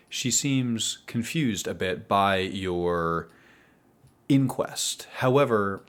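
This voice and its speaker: A man narrating a tabletop game as game master in an unhurried, descriptive way. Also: fairly low pitch, fairly bright tone.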